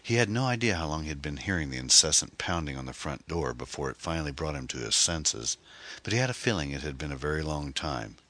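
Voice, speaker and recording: A man reading a mystery novel aloud as scripted audiobook narration, expressive and steady, on a close microphone. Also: a bass voice, fast.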